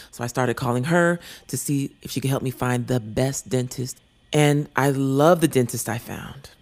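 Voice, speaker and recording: Man, gravelly edge, mid-range voice; earnest confessional storytelling that rambles, with soft near-whispered asides. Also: medium pitch. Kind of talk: candid personal storytelling.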